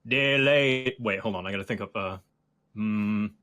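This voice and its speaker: A man from Louisiana in casual group chat, hesitant and halting, with many pauses and restarts. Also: fairly low pitch, flat delivery.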